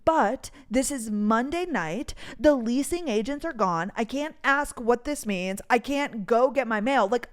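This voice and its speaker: A young woman podcast host with a smooth, fairly high voice rants casually about a frustrating story, exasperated, swearing freely and saying "like" a lot. It's recorded as a voice memo.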